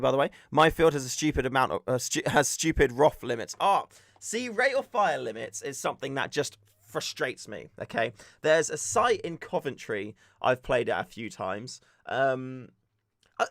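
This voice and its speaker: A young man from the UK chatting on a live stream, telling stories with animated back-and-forth retellings. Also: on the high side, no echo, clean studio sound. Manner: animated storytelling, acts out shouted exchanges. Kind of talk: casual live-stream chat.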